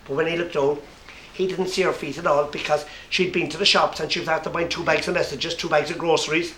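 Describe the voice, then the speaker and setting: A man with an Irish accent telling a comic story live to an audience, lively and playful. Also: on the high side, fast talker. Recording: echoey room with faint noise.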